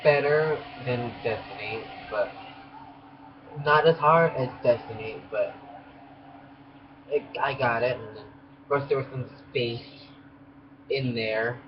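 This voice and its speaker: A man's voice: mid-range voice, slow, long pauses. Young guy rambling thru a vlog story, laughs a lot, kinda dull lo-fi sound w noise. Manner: rambling, restarts, frequent laughs. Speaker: beauty school student. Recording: muffled lo-fi audio with background noise.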